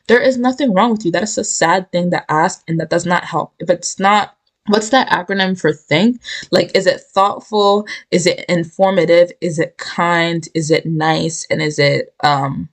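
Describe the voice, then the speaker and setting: A young woman hosting a podcast, giving an emphatic, repetitive pep talk in casual slang. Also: mid-range voice. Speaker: podcast host.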